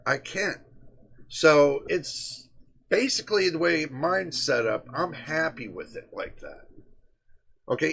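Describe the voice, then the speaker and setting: A man's voice: on the high side, vocal fry, fairly bright tone. A man hosting a tech live stream, talking straight to his chat in an emphatic, repetitive way. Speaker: livestream host. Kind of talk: casual livestream chat.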